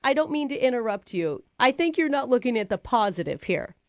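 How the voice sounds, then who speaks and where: A woman with a fairly high voice runs a radio prank call. She is playful and teasing and giggles between lines, with a bright, eager delivery. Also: very animated, a little fast.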